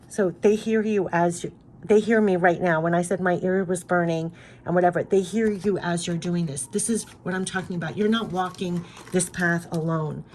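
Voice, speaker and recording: A woman's voice: on the low side, steady tone, moderate pace, a little mellow, slight background noise. Earnest woman giving a spiritual card reading. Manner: earnest, repetitive, effusive. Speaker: tarot card reader.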